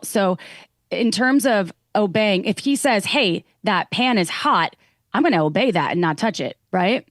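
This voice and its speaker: A woman's voice: medium pitch, expressive, unhurried, no room sound. A woman talking earnestly as a podcast guest, acting out the lines she quotes. Her voice sits in a middle range and is recorded close and dry, with no room sound. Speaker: guest, sex educator. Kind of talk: casual chat.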